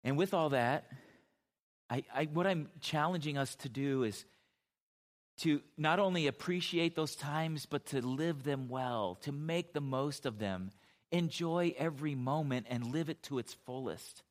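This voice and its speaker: A man's voice: on the high side, measured pace. A middle-aged man preaching a sermon as a pastor, telling stories in an easy, conversational way, with frequent restarts and asides.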